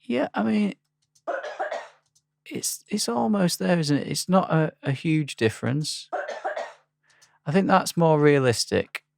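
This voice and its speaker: A man talking through a software tutorial in a relaxed, halting way with frequent pauses and ums. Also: fairly high pitch, vocal fry, dry recording, studio quality. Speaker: instructor. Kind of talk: screen-recorded software tutorial.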